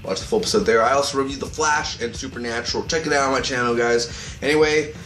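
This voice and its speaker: A man giving a casual spoken review of a TV episode, rambling and excitable, recorded on a tablet. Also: medium pitch, fast talker, roomy sound. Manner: rambling and excitable, acts out characters' lines.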